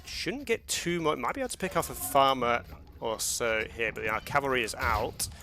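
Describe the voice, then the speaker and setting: A man's voice: mid-range voice, animated, moderate pace, pushed and bright. A man casting a live strategy game match, chatty and loose, restarting his sentences often. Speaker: game caster.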